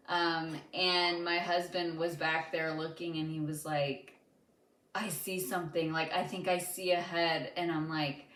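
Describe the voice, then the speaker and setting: A young woman and mother casually telling the story of a birth, animated and dramatic, with many fillers. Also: low voice. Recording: echoey room with faint background noise.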